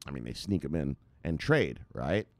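A man's voice: extremely low pitch, sing-song, normal speed, no room sound. A man hosting a crypto news show, rambling casually with profanity and hype outbursts.

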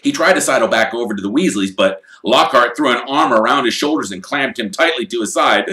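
A man narrating a storybook in an animated, expressive way. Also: medium pitch, a little fast, roomy sound, poor audio. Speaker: audiobook reader. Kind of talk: storybook reading.

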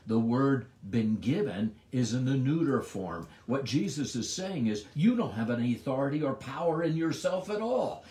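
A middle-aged man giving a devotional Bible teaching as a pastor, moving between emphatic lines and hushed ones. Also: medium pitch, moderate pace, few pauses, echoey room. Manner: expressive, swings from emphatic to hushed.

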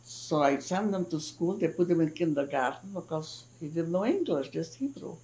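An older woman from Hungary giving her testimony in a recorded oral history interview, speaking haltingly, with frequent restarts and soft murmured agreement. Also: low-pitched, lively intonation, poor audio. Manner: acts out family dialogue when retelling it. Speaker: Holocaust survivor giving testimony.

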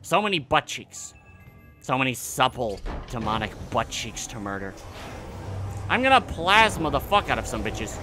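A man doing gameplay commentary, loud and profane, shouting at enemies and making silly nonsense sounds. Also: mid-range voice, big pitch swings, normal speed, pauses often, soft background music. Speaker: gaming streamer.

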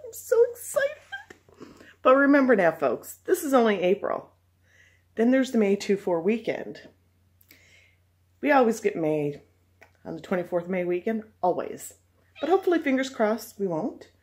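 A woman's voice: lowish voice, husky, no echo. A woman, chatting casually to the camera in a vlog and laughing often. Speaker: vlogger.

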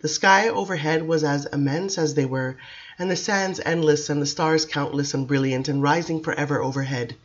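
A woman narrating a novel as an audiobook, in a measured, expressive reading. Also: low voice, dull audio. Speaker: audiobook reader.

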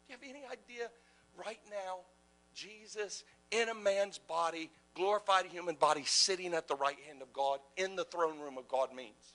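A man preaching a passionate sermon, asking rhetorical questions and swinging between loud exclamations and hushed whispers. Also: sits high, moderate pace, poor audio. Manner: asks the audience rhetorical questions.

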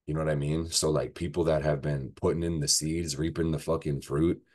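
A man's voice: rumbling low, little pitch movement, brisk, darkish tone. A man giving a casual astrology forecast, profane and rambling, joking as he goes through the week. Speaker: astrology vlogger.

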